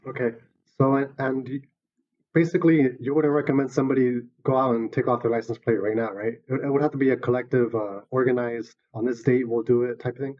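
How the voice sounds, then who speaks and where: A man's voice: mid-range voice, fairly even intonation, a little fast, highs cut off. A man hosting a podcast interview, asking leading questions and chipping in short agreements. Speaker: podcast host. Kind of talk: casual interview.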